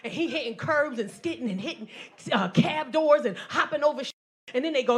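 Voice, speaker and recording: A woman's voice: sits high, lively intonation, a little fast, a faint crowd. Brash woman in her forties doing stand-up. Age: 40s. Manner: brash, loud and profane storytelling, acting out voices. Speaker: stand-up comedian. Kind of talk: stand-up comedy set. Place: comedy club stage. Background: audience laughter.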